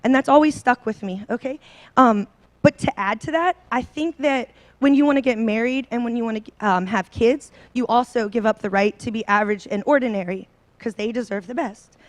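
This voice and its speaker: A woman's voice: on the high side, brisk, dry recording. Bubbly, nervous woman on a handheld mic. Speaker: seminar speaker. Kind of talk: personal talk to an audience. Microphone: handheld microphone.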